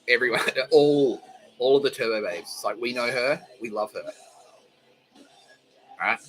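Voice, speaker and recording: A man's voice: medium pitch, moderate pace, long pauses, fairly bright tone, low-quality recording. A man hosting his own podcast in a rambling, profane monologue, often laughing and sometimes dropping to a mutter. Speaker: podcast host.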